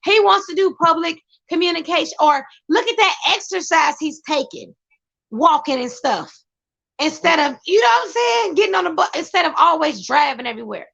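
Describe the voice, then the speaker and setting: Woman vlogger, high and excitable, speaks in emphatic bursts; the recording is dull and lo-fi. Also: fairly quick, creaky. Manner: emphatic, excitable, talks to her partner off-camera. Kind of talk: casual commentary.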